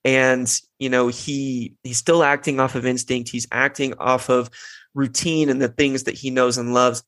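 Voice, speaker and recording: A man's voice: mid-range voice, flat delivery, moderate pace, fairly bright tone, no echo. A young man hosting a parenting podcast, talking earnestly in a reflective casual monologue, with frequent restarts and fillers. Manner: earnest, many restarts and "you know" fillers.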